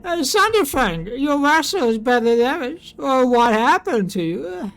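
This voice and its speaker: A man's voice: very high voice, very animated, measured pace, fairly bright tone, voice pushed up, heavily acted. A man voicing a stern starship captain who gives brusque orders over the radio, reading game dialogue aloud.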